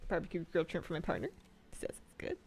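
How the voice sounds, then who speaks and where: A woman streamer talks casually with her chat in a lowish voice with a gravelly edge. Her pitch swings widely as she rambles and pokes fun at herself. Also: lively intonation, rapid-fire, noisy background. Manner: rambling, self-mocking, laughs often. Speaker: game streamer.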